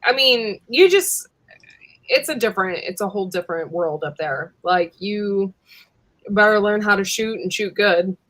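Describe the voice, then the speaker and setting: A woman chatting casually in a group, animated and laughing easily. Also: medium pitch, normal speed. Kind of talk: casual chat.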